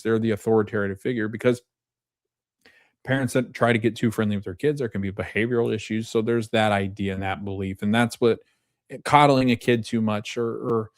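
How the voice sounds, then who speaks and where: A man hosting a podcast, recapping a TV episode in a chatty, animated way with lots of fillers and laughs. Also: fairly low pitch, dry recording, clean studio sound. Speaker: podcast host.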